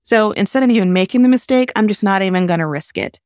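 A woman therapist hosting a podcast, calmly explaining advice in an earnest way. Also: medium pitch, fast talker, no echo, clean studio sound. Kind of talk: advice talk.

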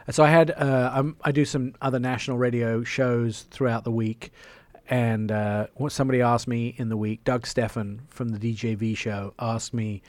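Rambling enthusiastic radio host. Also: male voice, medium pitch, steady tone, normal speed, darkish tone, no echo. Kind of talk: casual radio chat.

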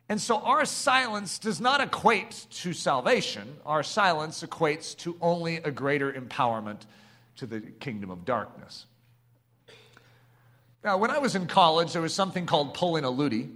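A middle-aged man preaching a sermon, passionate and building to emphatic shouts. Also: fairly high pitch, lively intonation, normal speed.

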